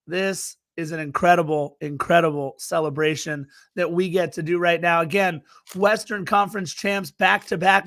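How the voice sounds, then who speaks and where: A man with a high voice co-hosts a soccer fan podcast. He talks in a casual, excitable way and shouts out listeners in the chat. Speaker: podcast co-host.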